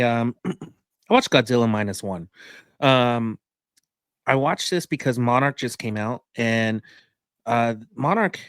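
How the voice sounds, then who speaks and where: A man's voice: medium pitch, no echo, clean studio sound. A man co-hosting a podcast, reviewing a movie in casual, enthusiastic chat full of fillers. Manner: rambling, enthusiastic, many fillers.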